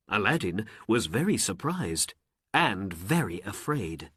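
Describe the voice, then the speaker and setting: A man narrating a story for learners in slow, deliberate, expressive storybook narration. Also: fairly low pitch, husky, no room sound, clean studio sound.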